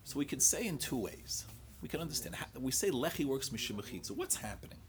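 A man teaches a Talmud lecture in a mid-range voice with big pitch swings and a quick pace. He blends English with Hebrew and Aramaic study terms, reasoning aloud through rhetorical questions and frequently repeating words.

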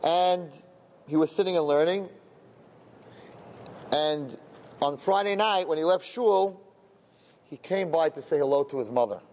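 A man's voice: on the high side, a little slow, pauses often, a little mellow. A man telling a religious story to a gathering, often repeating phrases and glossing Hebrew terms in English. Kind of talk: storytelling talk.

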